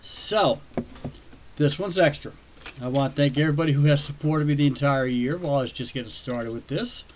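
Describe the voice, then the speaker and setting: A man's voice: high voice, a little hiss or hum. Chatty man hosting a baseball game. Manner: chatty, self-deprecating, rambling asides. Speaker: host of a baseball video game channel. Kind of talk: casual game commentary.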